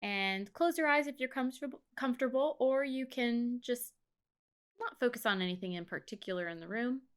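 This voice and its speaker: A woman co-hosting a podcast who chats casually and talks slowly and soothingly as she leads a guided meditation. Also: a little high, clear, resonant tone. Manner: slow, measured, soothing delivery. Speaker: podcast co-host.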